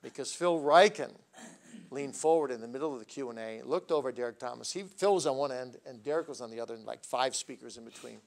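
A man lecturing at a seminary, telling stories animatedly and swinging between soft asides and loud, emphatic points. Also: mid-range voice, fast, gravelly. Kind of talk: classroom lecture.

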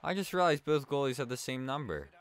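A man's voice: medium pitch, very animated, quick pace. A young man giving laid-back, yawning commentary while playing a hockey video game, reacting aloud to each play. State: sleepy, yawning. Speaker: let's play gamer. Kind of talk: casual gameplay commentary.

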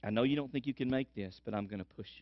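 A preacher voicing a gentle, all-knowing divine speaker. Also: male voice, medium pitch, fast, no room sound, natural voice. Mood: reassuring. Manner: soft, reassuring, firm. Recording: dull lo-fi sermon recording.

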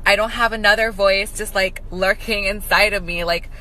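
A woman's voice: medium pitch, fairly even intonation, normal speed, sharp tone, low-quality recording. A young woman talking casually to the camera, chatty and full of filler words. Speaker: TikTok creator.

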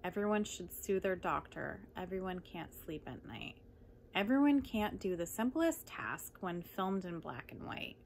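A woman reciting comic poems in a deadpan, measured way. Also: on the low side, a little hiss or hum. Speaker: poetry reader.

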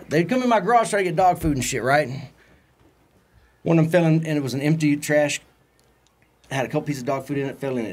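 A man with a Texan accent telling a rambling, profane story on a podcast, acting out what others said. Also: fairly high pitch. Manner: profane, rambling anecdotes with acted-out quotes. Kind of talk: casual storytelling.

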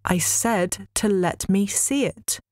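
A woman's voice: medium pitch, slow pace, a little mellow, no room sound, studio quality, voice pushed up, close to an everyday voice. A woman voicing a scheming, commanding queen of the gods. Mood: imperious. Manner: commanding, snappish.

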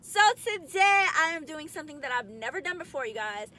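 A woman's voice: high voice, animated, brisk, sharp tone. A young woman vlogging to camera while driving, chatty, upbeat and full of slang. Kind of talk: casual chat to camera. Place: in a car, driving.

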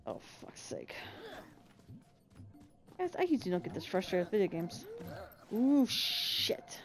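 A young woman commentating her gameplay, getting frustrated, swearing and yelling as she plays. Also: wildly swooping pitch, a little slow, soft background music. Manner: frustrated, swearing, pitch jumping into yells. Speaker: gaming video creator.

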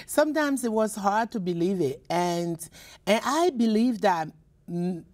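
A woman's voice: mid-range voice, very animated, slow, darkish tone. A woman from Liberia, a poet and professor, telling personal stories in a radio interview, with many repeats and restarts. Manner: emotional, repeats words, restarts often.

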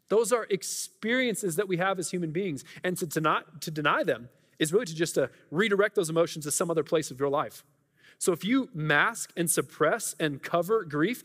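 A man's voice: high voice, fairly bright tone. A man preaching a sermon in a church, earnest and conversational, often restarting his sentences. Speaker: pastor. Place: church sanctuary. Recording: reverberant church hall.

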